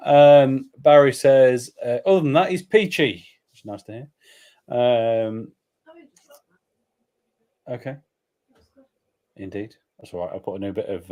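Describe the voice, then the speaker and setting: A man's voice: medium pitch, warm tone. Brief: English man co-hosting a beer stream at home, reads out chat comments, joking and rambling. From England. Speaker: live stream co-host. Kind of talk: casual chat reading viewer comments.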